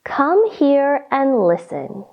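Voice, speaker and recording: A woman doing a tender, slow mother cat. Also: high-pitched, big pitch swings, vocal fry, dull audio, exaggerated voice. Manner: tender, slow, soft-spoken.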